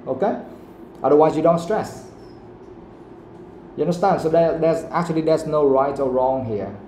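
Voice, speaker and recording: A man's voice: fairly high pitch, moderate pace, warm tone, a little hiss or hum. A man with a Vietnamese accent, teaching an English lesson live and explaining patiently with many repetitions. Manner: explains patiently, repeats himself, switches into Vietnamese to clarify. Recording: echoey room.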